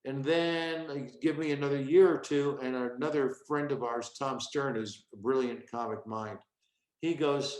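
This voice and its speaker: Brief: male comic, 60s, mid-pitched, storytelling guest who slips into his stage bits, recorded in a roomy, echoey space. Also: fairly even intonation, unhurried. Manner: acts out bits of his old stand-up act mid-story. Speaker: stand-up comedian guest. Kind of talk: storytelling interview. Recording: echoey room.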